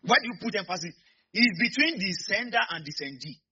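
A Nigerian man preaching a sermon in church, swinging between quiet asides and sudden shouts. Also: sits high, animated, brisk, breathy edge, highs cut off. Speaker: pastor.

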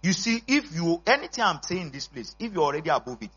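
A male pastor preaches in a church service, pushing his points with call-and-response and sudden shouts. His voice is high, bright and husky, swinging widely in pitch. The recording is dull and lo-fi, with a steady mains hum underneath. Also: quick pace. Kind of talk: sermon.

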